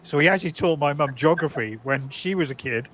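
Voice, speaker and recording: A man's voice: on the high side, brisk, a bit bright. A man in a casual livestream chat, telling dry, sweary anecdotes.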